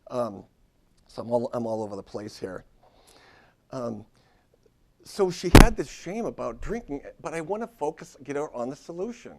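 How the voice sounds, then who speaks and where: A male therapist lectures to a room of trainees in a loose, conversational way. His voice sits at an ordinary middle pitch, and he stops and restarts his sentences as he goes. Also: sing-song, normal speed, gravelly, long pauses, a little hiss or hum. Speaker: therapist giving a workshop talk. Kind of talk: informal lecture.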